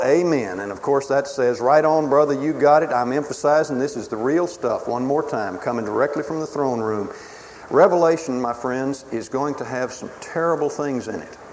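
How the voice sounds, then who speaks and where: A man preaching a sermon in a dramatic, emphatic way, swinging between booming declarations and hushed pleas. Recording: reverberant hall with faint ambient noise.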